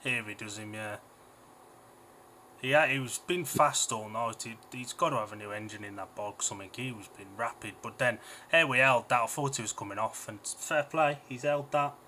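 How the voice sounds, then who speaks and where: A young man with a bright, forceful voice talks through a speedway race with blunt, emphatic opinions. He banters quickly with his co-host. A faint hum sits behind him. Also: mid-range voice. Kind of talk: speedway watch-along chat.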